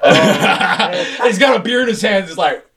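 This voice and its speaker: A young man in casual chat, telling stories in a profane, animated way. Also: high-pitched, slow pace, a crowd in the background.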